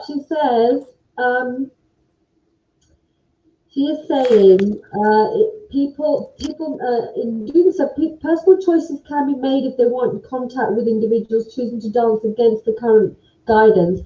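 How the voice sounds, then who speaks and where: A woman hosting a live online talk, chatty, reading out viewer comments with quick asides. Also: medium pitch, reverberant, highs cut off. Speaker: host.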